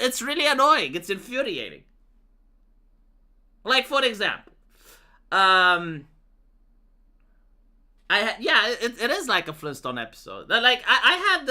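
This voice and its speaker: A Romanian man with a high, pushed, bright voice chats casually with his livestream viewers. He tells rambling stories full of restarts and swearing.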